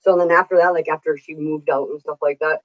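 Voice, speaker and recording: A woman's voice: low voice, fairly even intonation, fast, lo-fi sound. A middle-aged woman telling stories in casual chat, chatty, laughing often and swearing casually. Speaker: vlogger.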